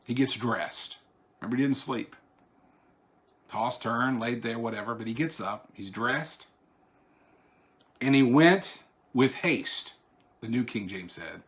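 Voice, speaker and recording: A pastor leads an online Bible study conversationally, with asides and restarts, and raises his voice to declaim whenever he reads scripture aloud. His voice sits at a medium pitch, and he takes it slowly with long pauses.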